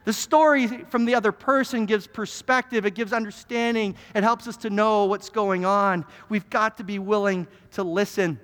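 A male pastor preaching a sermon, telling stories with emphatic, animated delivery. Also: high voice, normal speed, few pauses. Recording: long hall reverb.

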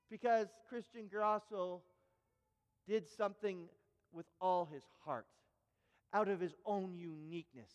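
A man preaching a sermon in a church, telling an animated story with stammered restarts. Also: high-pitched, unhurried, pauses often, in a large hall. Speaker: pastor. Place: church sanctuary.

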